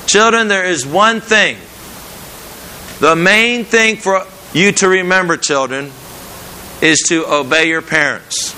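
A middle-aged man preaching a sermon in a measured, earnest way, repeating key phrases for emphasis. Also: sits high, pushed and bright, a little hiss or hum, low-quality recording.

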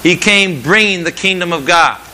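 A middle-aged man delivers a sermon, earnest and measured, leaning on repetition to drive each point home. His voice is very bright and sits a little high. A faint hiss runs under the recording. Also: rough recording. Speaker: preacher.

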